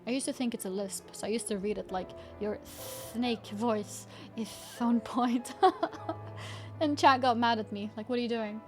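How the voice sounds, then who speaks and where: A chatty woman streamer with a fairly high voice who giggles often and thanks her chat. Game music plays clearly underneath her casual talk. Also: fairly bright tone. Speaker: livestreamer.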